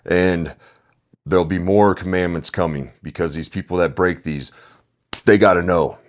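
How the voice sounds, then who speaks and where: A man's voice: deep voice, fairly even intonation, moderate pace. A young man hosting a podcast, telling delivery-driver stories in a rambling, heavily profane casual monologue.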